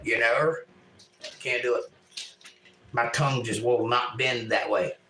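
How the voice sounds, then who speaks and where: A man's voice: mid-range voice, fairly even intonation, unhurried, bright, forceful tone, echoey room, slight background noise, rough recording. A man hosting a casual livestream at home, reading chat messages aloud and joking with puns.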